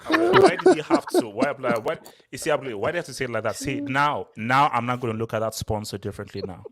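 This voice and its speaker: A man hosting a casual football chat, excitable and repeating himself. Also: medium pitch, quick pace, a crowd in the background. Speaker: show host.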